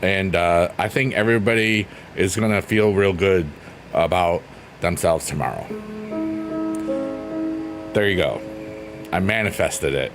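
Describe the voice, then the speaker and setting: A man's voice: low voice, unhurried, pauses often. A man casually chatting on a livestream, reading out chat messages in a rambling, playful, teasing way. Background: faint piano music.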